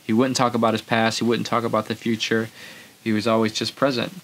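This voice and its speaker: Gravelly low-voiced man telling stories. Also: completely flat delivery, a little fast. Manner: rambling, loose storyteller acting out quotes. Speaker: podcast host. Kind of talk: casual storytelling monologue.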